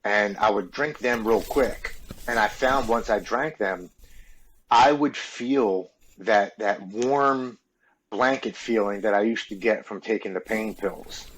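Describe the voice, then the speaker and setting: A man's voice: lowish voice, takes it slowly, a bit bright, slight background noise, low-quality recording. A man in his forties from the United States, a podcast guest earnestly and openly telling a personal story. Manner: earnest, open, repeats words when moved.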